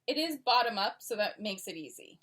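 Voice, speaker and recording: A woman co-hosting a knitting podcast, telling stories in a lively casual chat and laughing easily. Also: mid-range voice, brisk. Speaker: podcast co-host.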